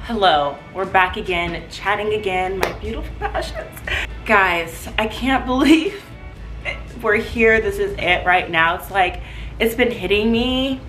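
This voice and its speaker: A young woman chats casually in her apartment living room for a vlog, gushing and saying "like" a lot. Her medium-pitched voice moves slowly, music plays in the background, and the room sounds echoey.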